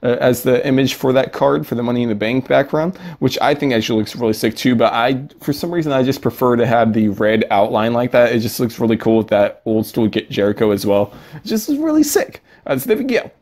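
A young man giving casual, excitable commentary over a mobile card game, chatty and giggly, with sudden yelps. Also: medium pitch, fast talker, hardly any pauses.

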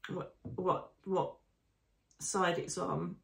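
A woman, a psychic medium narrating her visions live in a hushed, emotional, often slow and breathy way. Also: on the low side, little pitch movement, reverberant. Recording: voice distant from the mic.

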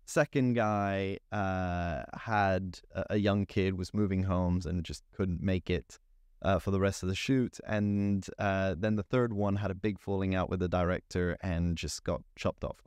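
A young man from France, telling a lively story as a podcast guest, with many fillers and restarts. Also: low-pitched, unhurried, smooth, no room sound. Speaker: guest, cinematographer. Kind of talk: casual storytelling interview.

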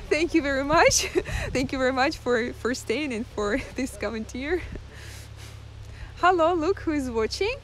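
A woman from Ukraine, giving a live-streamed guided tour outdoors in a chatty way, full of fillers and pauses. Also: high-pitched, sing-song, a little hiss or hum. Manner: chatty, hesitant with many fillers. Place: outdoors in a town.

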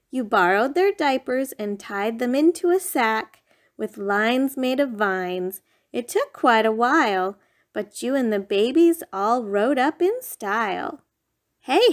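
Unhurried and a touch high-pitched, a woman reads a rhyming picture book in a sing-song bedtime manner that never lets up. She keeps it lively, throwing in playful raised shouts.

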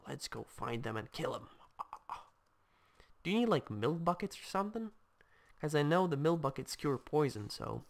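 Man doing casual game commentary, slow and unhurried, gravelly voice with vocal fry, chatty and excitable. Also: fairly high pitch. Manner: attempting a put-on English accent; reacts aloud to gameplay, chatty and excitable. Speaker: gameplay commentator. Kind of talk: casual let's-play commentary.

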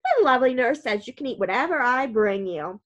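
A fussy, bustling old grandmother who takes charge, as a woman reads her aloud. She fusses and bosses in a storybook reading, with a fairly high voice. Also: expressive, fairly quick, muffled recording. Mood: fussing. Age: older. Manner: fussing, bossy.

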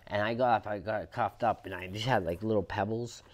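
A man with a Boston accent, a podcast guest telling prison stories in a loud, profane, animated way, acting out the quotes. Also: lowish voice, fairly quick. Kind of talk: casual storytelling interview.

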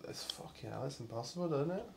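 Hosting a gameplay video, a man chats casually with a friend while playing, swearing in exasperated banter. His mid-range voice is gravelly and expressive, and he talks quickly. There is background noise behind him.

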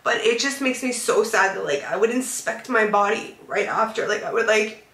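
A woman's voice: mid-range voice, normal speed, fairly bright tone, reverberant. A young woman vlogger talking candidly and emotionally, rambling with lots of fillers. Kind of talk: candid confessional vlog chat. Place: car.

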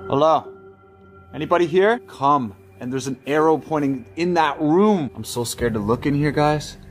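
A man's voice: a little high, normal speed, soft background music. A young man hosting a staged horror vlog, frightened and swearing as he talks to his viewers. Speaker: vlogger.

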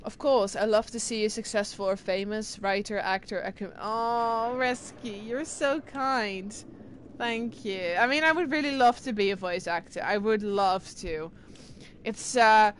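A woman streamer chatting casually with her live viewers, excitable and talkative as she answers chat. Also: medium pitch, measured pace, a little hiss or hum. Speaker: game streamer.

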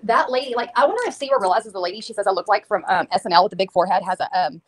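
A woman ranting on a livestream, swearing and mocking someone, slipping into high sing-song impressions. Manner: profane, mocking, fast ranting. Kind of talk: heated livestream rant.

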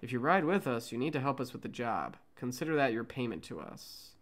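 A man reading a gruff male ship captain, a former politician, who speaks bluntly and matter-of-factly in a fan script reading. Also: mid-range voice, sing-song, a little fast, a bit bright.

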